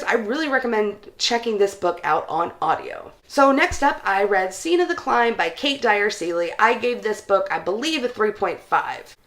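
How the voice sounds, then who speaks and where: A woman's voice: mid-range voice, a bit bright. A young woman in a casual, chatty book vlog, talking enthusiastically straight to her viewers. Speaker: book vlogger. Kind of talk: casual book review chat.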